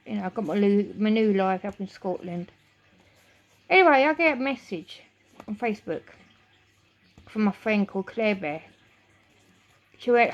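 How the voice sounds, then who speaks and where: A woman's voice: medium pitch, expressive, moderate pace, long pauses, lo-fi sound. A middle-aged woman telling a painful personal story to camera, emotional and rambling, with swearing and frequent restarts. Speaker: vlogger.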